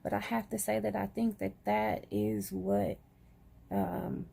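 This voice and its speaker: A woman's voice: medium pitch, slow, vocal fry, dark tone, breathy edge. A woman chatting casually to camera, groggy after surgery, sprinkling "y'all" through her talk. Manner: chatty, says "y'all" often. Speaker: vlogger.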